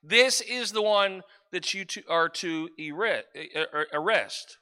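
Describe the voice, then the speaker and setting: A pastor with a high voice and lively intonation delivers a sermon in a church sanctuary, reading scripture and praying conversationally. He takes it slowly, his tone pushed and bright, and now and then loses his place and asks the congregation for help.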